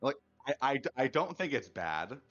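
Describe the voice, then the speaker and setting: A man's voice: medium pitch, sing-song, moderate pace, fairly bright tone, lo-fi sound, faint music behind. A man co-hosting a casual gaming chat, talking in a thoughtful, analytical way. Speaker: co-host.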